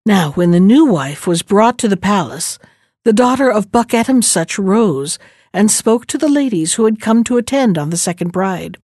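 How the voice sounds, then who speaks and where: A woman narrating an old fairy tale and giving each character a different pitch. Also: animated, moderate pace, darkish tone, no room sound, clean studio sound. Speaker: storyteller.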